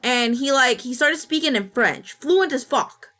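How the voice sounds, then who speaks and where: A woman's voice: high voice, sing-song, normal speed, hardly any pauses, pushed and bright. A woman streamer chatting casually with her viewers, telling rambling stories and swearing casually. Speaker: Twitch streamer.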